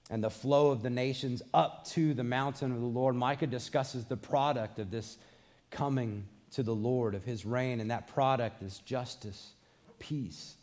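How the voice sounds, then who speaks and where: A man's voice: medium pitch, darkish tone. A man preaching a sermon as a pastor, reading scripture and asking the congregation earnest rhetorical questions.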